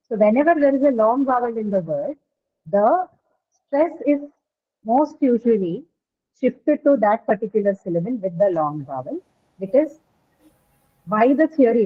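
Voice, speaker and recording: A woman teaching stress patterns in an online class, checking with "right?" as she explains. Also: on the high side. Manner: explanatory, asks "right?" often. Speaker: English teacher. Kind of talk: online phonetics lesson. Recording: tinny online call audio.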